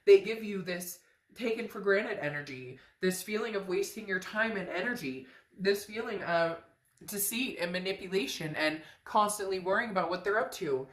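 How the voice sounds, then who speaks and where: A woman's voice: medium pitch, moderate pace. A woman giving an earnest, emphatic tarot reading to her viewers, often repeating phrases. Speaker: tarot reader. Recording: echoey room.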